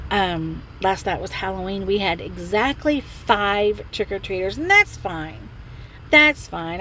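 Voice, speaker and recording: Middle-aged woman, casual rambling vlog talk, lots of fillers, recorded in a truck with faint background noise. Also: mid-range voice. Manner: chatty and rambling, with many fillers. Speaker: vlogger. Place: inside a parked truck.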